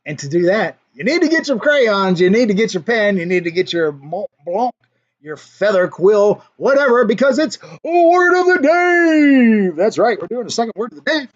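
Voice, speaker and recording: Animated high-voiced male stream host. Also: normal speed, muffled recording. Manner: animated, playful, chuckles at his own jokes. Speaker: livestream host. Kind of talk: casual livestream chat and joke telling.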